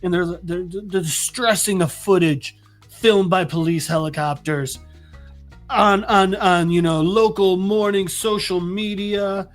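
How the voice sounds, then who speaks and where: A man's voice: sits high, fairly even intonation, unhurried, soft background music. A man hosting a casual comic book recap, rambling with many restarts. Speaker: host.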